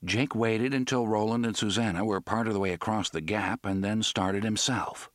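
A man narrating an audiobook in a measured, dramatic storytelling manner. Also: on the low side, fairly even intonation, dry recording, studio quality.

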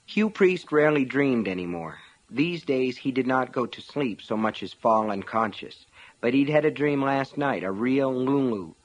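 A man reading a novel aloud in a measured, dramatic narration style. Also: medium pitch. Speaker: audiobook narrator. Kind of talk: scripted narration.

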